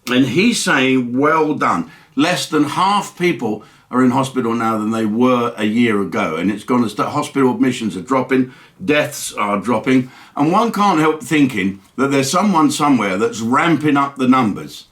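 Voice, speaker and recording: A man's voice: mid-range voice, expressive, normal speed, fairly bright tone. A man from England, a comedian hosting his own show in a casual, rambling, mocking monologue. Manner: chatty, mocking, rambling asides. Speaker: comedian host.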